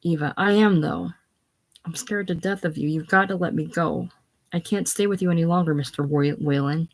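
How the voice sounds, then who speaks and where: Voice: mid-range voice, moderate pace, no echo, lightly acted. Eva, a frightened young woman pleading, as read by a casual reader. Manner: pleading, shaky.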